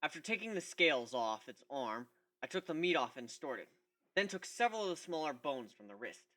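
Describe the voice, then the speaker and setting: At a brisk clip, a man dramatically reads a fan story told in the first person. The voice is bright and full of life, rising and falling in pitch without restraint.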